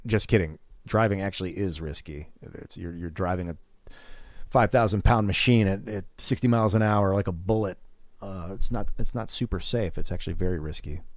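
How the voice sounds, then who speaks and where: A man with a deep voice hosts a gaming stream, rambling casually and candidly, swearing freely and acting out what other people said. There's no echo on the recording.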